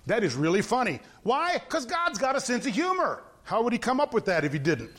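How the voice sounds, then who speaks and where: A man preaching a conversational sermon. He reads scripture aloud, repeats his points for emphasis, and makes quick asides to the congregation. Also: very high-pitched, huge pitch swings, fairly bright tone.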